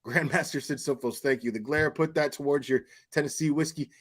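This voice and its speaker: A man doing casual live commentary, telling profane, animated anecdotes and laughing often. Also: fairly high pitch, fairly quick. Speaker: commentary streamer.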